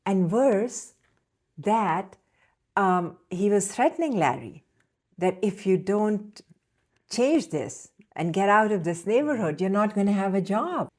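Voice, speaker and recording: A woman hosting a podcast interview, speaking in a measured, reflective way. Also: medium pitch, lively intonation, a little mellow. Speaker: podcast host.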